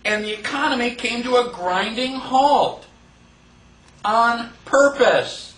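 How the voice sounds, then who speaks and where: A man teaching a live class in a casual, conversational way, asking the room rhetorical questions and acting out quick mock quotes. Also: very high-pitched, a bit bright. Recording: echoey room from far off.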